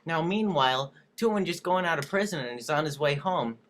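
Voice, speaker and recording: A man's voice: a little high, lively intonation, moderate pace, fairly bright tone. Guy doing a goofy dramatic read of song lyrics, cracks up a lot, bit of hiss behind. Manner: laughs often while reading, voices the characters' lines. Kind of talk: comic reading of a song's lyrics.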